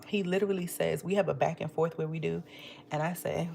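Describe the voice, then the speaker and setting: Woman vlogger, low and gravelly, animated storyteller who acts out quotes and laughs often. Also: fairly quick, a little hiss or hum. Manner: laughs often while talking. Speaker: livestream vlogger. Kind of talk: casual storytelling chat. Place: at home, eating.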